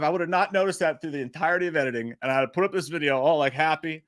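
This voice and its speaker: Male livestream host, fairly high voice, bright and tense, dry close sound, swearing and self-mocking. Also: quick pace, few pauses, no echo. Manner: animated, profane, self-mocking jokes. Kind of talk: casual live chat about a movie.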